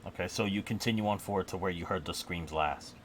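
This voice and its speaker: A man narrates a tabletop role-playing game as its game master. He talks in a halting way, with pauses and fillers. A faint steady hiss sits behind his voice. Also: low-pitched.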